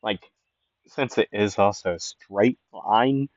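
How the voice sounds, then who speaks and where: A man's voice: on the low side, takes it slowly, dry recording, dull audio. A man casually improvising a fan story, rambling with lots of fillers.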